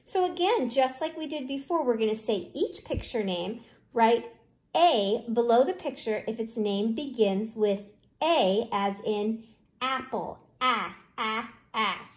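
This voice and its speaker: Slow, encouraging woman teaching phonics. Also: on the high side, lively intonation, darkish tone. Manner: slow, encouraging, sounds out letters. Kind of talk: phonics lesson for young children.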